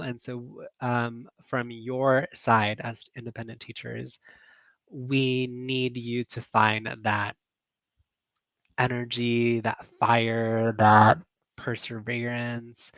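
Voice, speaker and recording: Male coach on a casual live stream: earnest and emotional, bright tone, dry close sound. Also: medium pitch, no echo, dull audio. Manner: earnest, emotional, many fillers and laughs. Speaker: online teaching business coach. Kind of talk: casual livestream chat.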